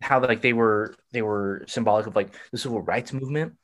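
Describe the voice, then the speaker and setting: A man hosting a casual podcast chat, enthusiastic but halting, often restarting his sentences. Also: lowish voice, a bit bright.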